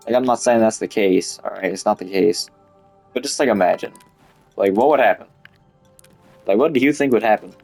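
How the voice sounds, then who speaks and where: A man's voice: lowish voice, a little fast, vocal fry, pauses often, a little mellow, faint music behind. A young man telling a story in a rambling, casual way, with lots of swearing and filler "like". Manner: rambling, swears a lot, heavy use of "like". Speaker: vlogger.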